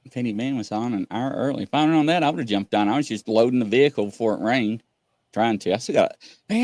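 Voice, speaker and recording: A man's voice: medium pitch, fast, a little mellow, no echo. A man hosting a live call-in stream, chatting in a rambling, folksy way and reading viewers' questions aloud. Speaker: host of a live call-in show. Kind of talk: casual live-stream chat.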